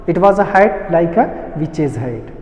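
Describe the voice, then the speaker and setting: Male teacher, high pitch, patient line-by-line explainer, roomy echo. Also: lively intonation, measured pace, darkish tone. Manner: repeats and rephrases lines, glosses words in Hindi. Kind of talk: explaining a story for school students. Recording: echoey room with long reverb.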